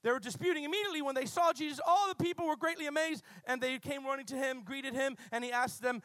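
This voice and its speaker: A male pastor preaching a passionate sermon to a congregation, swinging from loud bursts to low quiet asides and having them repeat words. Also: fast, few pauses, dry recording.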